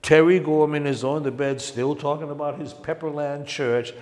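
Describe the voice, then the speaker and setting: A man from Harlem, New York, telling his personal testimony as a lively storyteller who acts out the people he quotes and chuckles along. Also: fairly high pitch, normal speed, long reverb tail. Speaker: testimony speaker.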